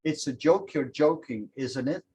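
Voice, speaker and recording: The devil, male, smug and calm in a told folk tale, read by a man, slow and unhurried. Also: fairly high pitch, a little hiss or hum, natural voice.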